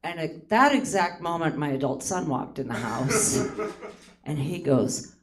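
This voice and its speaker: Crowd noise surrounds a Hawaiian woman in her late fifties as she performs self-mocking stand-up on a theater stage, laughing at her own jokes. Her low voice swings widely in pitch, and she speaks a little slowly.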